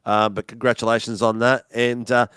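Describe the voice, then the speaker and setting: A matey man hosts a post-race chat, calling drivers mate at every turn. His voice is smooth and clean, and the close, dry recording has no room sound at all. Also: mid-range voice, little pitch movement, fairly bright tone, no echo. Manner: chatty, matey, drawn-out phrasing. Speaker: broadcast host. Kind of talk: casual post-race interview.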